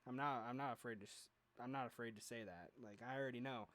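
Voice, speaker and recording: A man's voice: medium pitch, steady tone, fast talker, a bit bright. A man hosting a casual podcast chat, rambling and joking with plenty of fillers. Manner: rambling, jokey, lots of fillers. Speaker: podcast host.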